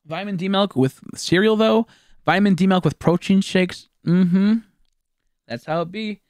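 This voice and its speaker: During a casual live game stream, this young man from Texas rambles, jokes and swears with his viewers in a Texan accent. He speaks at a moderate pace in a high, slightly mellow voice, and the recording is dry.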